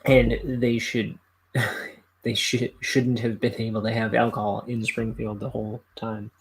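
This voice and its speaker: Slow, gravelly man rambling casually. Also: mid-range voice, little pitch movement, low-quality recording. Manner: rambling, halting, with many fillers. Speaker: solo podcast host. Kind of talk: casual chat.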